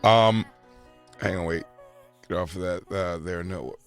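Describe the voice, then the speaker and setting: A man co-hosting a podcast, trading dark jokes in casual chat and laughing often. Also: low voice, a little slow, faint music behind. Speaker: podcast co-host.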